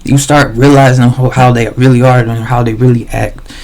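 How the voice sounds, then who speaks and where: Rambling slangy male streamer, gravelly. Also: mid-range voice, level tone, normal speed, darkish tone. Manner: rambling, slangy, swears a lot, many restarts. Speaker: livestreamer. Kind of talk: casual rambling monologue.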